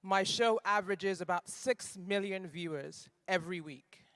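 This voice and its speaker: High, smooth-voiced man from Nigeria. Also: unhurried, pushed and bright, big-room sound. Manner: rhetorical, building with repeated questions. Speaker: actor giving a keynote address. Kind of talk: public speech.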